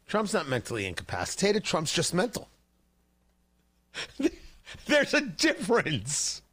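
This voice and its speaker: A male commentary host with a high, lively voice that leaps up and down. He rants with heated sarcasm, mocking and scolding as he comments on a livestream.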